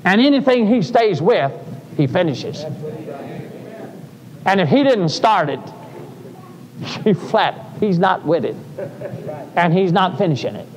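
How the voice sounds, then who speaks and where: A man's voice: high voice, sing-song, unhurried, long pauses. An older man, preaching a sermon in a folksy storytelling way that rises to fervent cries. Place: church sanctuary. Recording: live sermon in a reverberant church.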